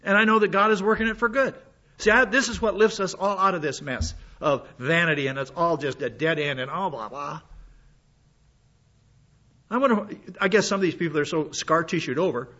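Sick and coughing, this male pastor preaches in a folksy, chatty style packed with asides. His voice sits on the high side with a sharp tone, moving a little fast, and the audio sounds dull and lo-fi.

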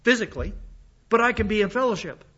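Man, sermon, high bright voice, folksy asides, sick and coughing, muffled lo-fi sound. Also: animated, quick pace, slightly rough. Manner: conversational, folksy preaching with asides. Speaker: pastor. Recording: dull lo-fi sound.

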